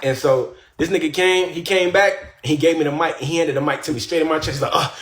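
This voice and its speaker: A man's voice: on the high side, fairly even intonation, brisk, a bit bright. A man casually telling a story on his live stream, profane and laid-back, greeting viewers as he goes. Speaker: live-stream host and rapper.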